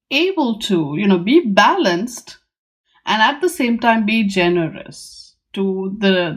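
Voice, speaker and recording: A woman hosting a tarot channel, talking casually and musingly as she goes through the cards, now and then acting out the figures on them. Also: medium pitch. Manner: musing, chatty, acts out the figures on the cards in quick asides. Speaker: tarot teacher and channel host.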